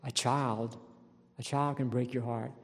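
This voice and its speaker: Gravelly Louisiana preacher in a hall. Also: male voice, mid-range voice, level tone, measured pace. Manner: folksy, emphatic preaching with rising intensity on scripture. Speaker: pastor. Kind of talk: sermon. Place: church sanctuary. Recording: long reverb of a large hall.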